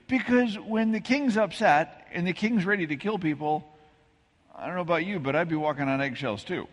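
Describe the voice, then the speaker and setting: A man's voice: on the high side, lively intonation, moderate pace. A man from the American Midwest giving a sermon as pastor, telling stories in a casual, self-deprecating way with frequent asides. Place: church sanctuary. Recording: husky voice with long church reverb.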